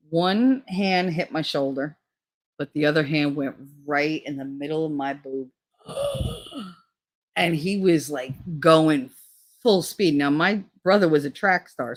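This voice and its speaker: Swearing, rambling woman streamer. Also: low voice. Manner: crude, rambling storytelling with frequent swearing. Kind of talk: casual chat.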